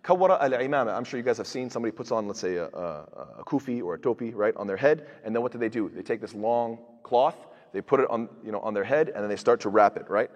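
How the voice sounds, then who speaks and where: A man's voice: mid-range voice, animated, fast talker, hardly any pauses, big-room sound, dull audio. A man teaching Quran tafseer, explaining verses with rhetorical questions and frequent fillers. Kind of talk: tafseer lecture.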